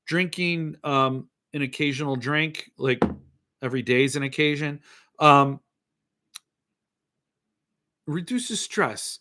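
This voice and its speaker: A man's voice: on the high side, unhurried, long pauses, pushed and bright. A middle-aged man hosting a podcast, chatting casually in a rambling, jokey, self-mocking way. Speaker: podcast host. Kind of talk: casual chat.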